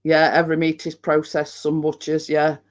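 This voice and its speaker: A woman's voice: deep voice, completely flat delivery, moderate pace. A woman with a Yorkshire accent hosting a casual live stream, chatting and reading out viewer comments. She rambles a little and laughs often.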